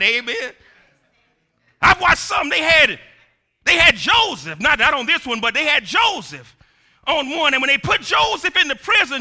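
A man preaching a sermon, drawing phrases out slowly, then shouting at the peaks and laughing at his own asides. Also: very high voice, big pitch swings. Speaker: pastor.

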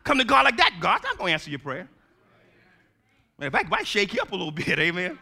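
A male preacher giving a sermon in call-and-response style, swinging from shouts to hushed tones. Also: high-pitched, huge pitch swings, fairly quick, vocal fry.

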